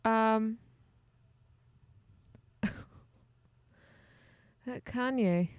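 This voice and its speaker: A woman co-hosting a podcast, speaking unhurriedly in a smooth, clear voice. She drops playful, deadpan quips and restarts sentences as she thinks. Her voice is dry and close to the mic. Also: on the high side, extremely slow, dry recording. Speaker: podcast co-host. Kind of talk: casual chat.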